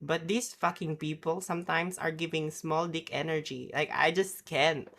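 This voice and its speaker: Woman streamer, low voice, bright tone, sweary rambling rant. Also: steady tone, moderate pace. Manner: sweary, rambling, apologetic, bursts into shrieks. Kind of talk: casual ranting chat.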